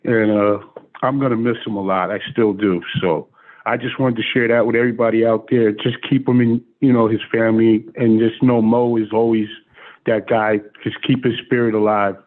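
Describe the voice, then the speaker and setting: A man calling in to pay an emotional tribute to a late friend, speaking haltingly and from the heart. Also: on the low side, fairly even intonation. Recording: tinny phone line.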